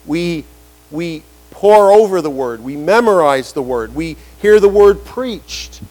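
High-voiced animated male preacher. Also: takes it slowly, poor audio. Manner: animated preaching, acting out quoted voices, rising emphatic lines. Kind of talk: sermon.

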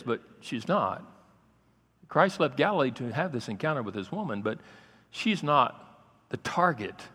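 A man pastor preaching a sermon, swinging from loud, raised passages to quiet asides. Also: mid-range voice, breathy edge, big-room sound.

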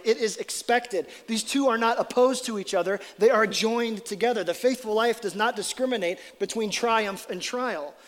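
A man preaching a sermon as pastor, talking to the congregation in a conversational, animated way and slowing down for dramatic readings of scripture. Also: high-pitched. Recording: hall reverb.

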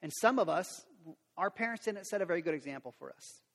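A middle-aged man preaching a sermon as a pastor, animated, acting out quotes and sound effects. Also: high-pitched, fast talker, creaky. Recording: long reverb of a large hall.

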